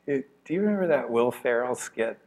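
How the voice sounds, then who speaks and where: A man's voice: mid-range voice, darkish tone. A man giving an informal evening lecture to a class. He talks in a chatty way, laughs often and thinks aloud with restarts.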